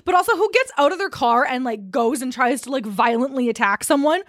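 A young woman with a high voice, co-hosting a casual podcast and telling a story in an animated, profanity-laced way. The sound is dry and close, with no room echo. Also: a little fast. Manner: animated storytelling, lots of swearing and laughter. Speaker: podcast co-host. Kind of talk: casual chat.

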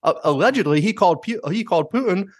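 A man hosting a podcast in casual chat, talking fast and swearing freely, acting out quotes in mocking voices. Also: high-pitched, dry recording, clean studio sound. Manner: fast, animated, swears a lot, acts out quotes in jokey voices. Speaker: podcast host.

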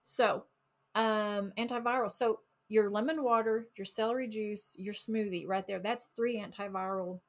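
A woman co-hosts a relaxed health conversation in a plain middle-pitched voice. She sounds enthusiastic and breaks into quick exclamations. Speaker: podcast co-host. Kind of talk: casual health chat.

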